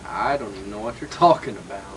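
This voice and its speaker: A man's voice: fairly low pitch, expressive, fast talker, a little hiss or hum, poor audio. A man co-hosting a comics show in casual chat, trading sarcastic, teasing banter. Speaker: co-host.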